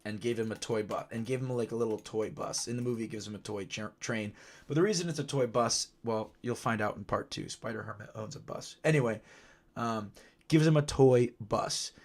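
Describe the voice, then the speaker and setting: A man's voice: on the low side, a little fast. A man casually recapping his own holiday story on a stream, giggling, mocking it and rambling. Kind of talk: casual recap with sung bits.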